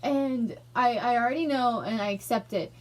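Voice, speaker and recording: A woman's voice: fairly high pitch, normal speed. A young woman ranting angrily in a personal vlog, emotional and swearing. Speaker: vlogger.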